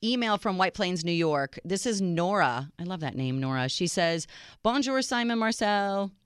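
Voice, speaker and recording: Smooth-voiced woman co-hosting a dating show. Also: moderate pace, no echo, studio quality. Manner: animated, swoops up high when acting out quotes. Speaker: co-host. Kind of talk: casual podcast chat.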